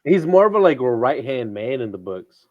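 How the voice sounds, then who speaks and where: A man's voice: medium pitch, very animated, normal speed, a little mellow, no room sound. Blunt, crude man on dull lo-fi audio. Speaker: podcast co-host. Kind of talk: casual chat.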